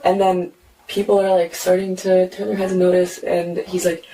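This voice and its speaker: A young woman telling a police officer what happened, talking fast and filling her story with "like" and acted-out quotes, recorded on a bodycam. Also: lowish voice, steady tone. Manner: fast, repeats "like", acts out quotes. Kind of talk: retelling events to an officer. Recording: noisy bodycam audio from a distance.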